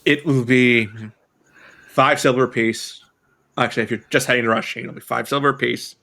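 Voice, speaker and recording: A man's voice: mid-range voice, fairly even intonation, fairly quick, creaky, sharp tone. A man voicing a formal, easily offended ship captain in a tabletop game, with stiff politeness. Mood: businesslike. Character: formal male ship captain, prim and touchy.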